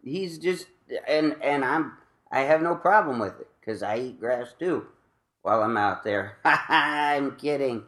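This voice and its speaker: A man hosting a casual chat, voice pitched in the middle range. He rambles and pokes fun at himself, leaning on fillers and laughter. The sound bounces around a reverberant room. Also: unhurried. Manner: rambling, self-mocking, lots of fillers and laughs. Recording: echoey room.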